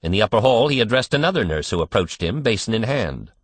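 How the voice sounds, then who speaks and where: A man reads a classic story aloud as an audiobook narrator, measured and expressive. His voice sits low but moves with a lively, varied melody, and the recording is dry and close. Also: dry recording. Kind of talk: scripted narration.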